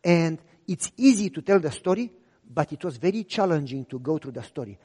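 A man pastor telling a story in a sermon, with animated delivery and deadpan humor. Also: fairly high pitch, brisk, husky, in a large hall.

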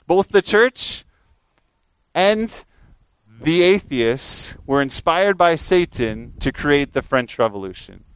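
Earnest preaching man, smooth voice. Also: fairly high pitch, expressive, slow pace, dry recording, low-quality recording. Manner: earnest, swings from raised emphasis to quiet prayer. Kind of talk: sermon.

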